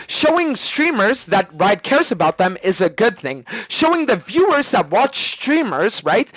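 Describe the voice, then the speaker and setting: Male streamer, heated profane rant, very animated pitch, dead dry room. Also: no echo. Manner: profane, ranting, argumentative.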